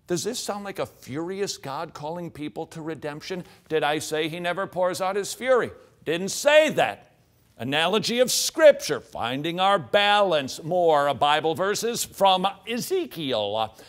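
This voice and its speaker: A middle-aged man teaching from the Bible, his voice swinging widely from high to low as he reads the scripture aloud. He breaks in with quick jokey asides and sits a bit high for a man. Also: big pitch swings, fairly bright tone. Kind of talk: teaching on a studio show.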